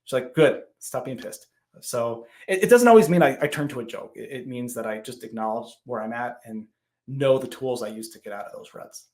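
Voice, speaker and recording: A man's voice: mid-range voice, a little fast. A man in his thirties, a podcast guest, chatting casually and acting out his own quoted lines as he tells stories. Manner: animated storytelling, acts out quoted lines. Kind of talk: casual interview chat.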